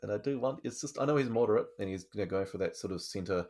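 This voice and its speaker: A man with a very low, gravelly voice in casual podcast chat. His tone is slightly husky, and he talks in an earnest, thoughtful way, swearing now and then. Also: fast, darkish tone. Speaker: podcast co-host.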